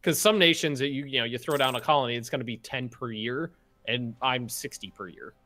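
A man's voice: mid-range voice, a little fast, bright, forceful tone. A man talking casually during a multiplayer strategy game, joking and asking questions. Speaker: game player. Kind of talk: casual multiplayer gaming chat.

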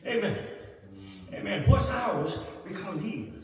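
A Southern man preaches with a high voice that leaps up and down, mixing chuckles with rising shouts and call-and-response. The mic is far away in a church hall that echoes heavily with long reverb. Music plays clearly behind him. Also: animated, slow. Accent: Southern American. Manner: builds to shouting, repeats phrases, chuckles. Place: church sanctuary.

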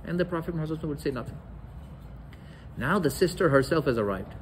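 A man's voice: fairly high pitch, expressive, brisk, slight background noise, rough recording. A man giving a religious lecture, telling stories and acting out the quoted dialogue. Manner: storytelling, acts out quoted dialogue.

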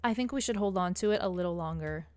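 A woman voicing a gloomy, slow-talking emo teenage brother in a game, her voice lowered. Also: a little mellow, no echo, lightly acted. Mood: deadpan.

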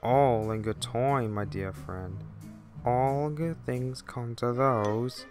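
A man's voice: medium pitch, takes it slowly, music in the background, natural voice. Diesel 10, a smug scheming diesel, voiced by a man. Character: scheming male villain diesel engine.

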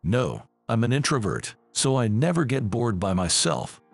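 A man's voice: fairly low pitch, very animated, normal speed, gravelly, no room sound, faint music behind, full character voice. A man voicing a frightened, shy young woman who refuses coldly. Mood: wary. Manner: timid, cold refusals.

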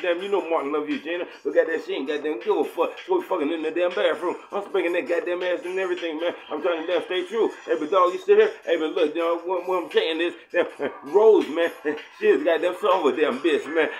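A man rambling through a profane freestyle rant over a beat, swearing at every turn and laughing through his lines. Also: on the high side. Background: faint instrumental beat.

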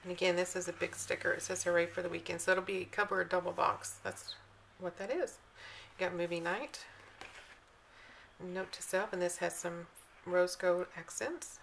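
A woman's voice: on the low side, steady tone, normal speed, creaky, a little hiss or hum, rough recording. A woman vlogging a casual walkthrough of planner sticker books, reading the slogans aloud in a chatty, admiring way.

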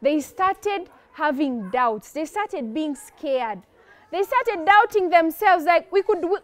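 A woman narrating a religious story for children in an animated way, often asking her listeners questions. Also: high voice.

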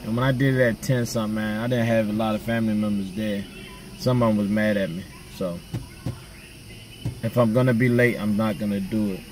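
A man's voice: fairly low pitch, fairly even intonation, brisk, recorded from a distance. Laid-back man vlogger, casual slangy chat with viewers, a little off-mic, faint hum behind.

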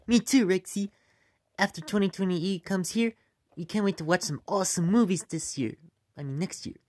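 A woman's voice: lowish voice, moderate pace, darkish tone, slightly rough. A woman performing a puppet comedy skit in a chatty, joking way.

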